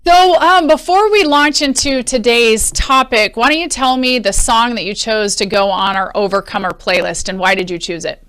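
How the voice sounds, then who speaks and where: Chatty woman podcast host, smooth voice. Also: a little high, moderate pace, few pauses, a bit bright. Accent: American. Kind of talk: podcast interview.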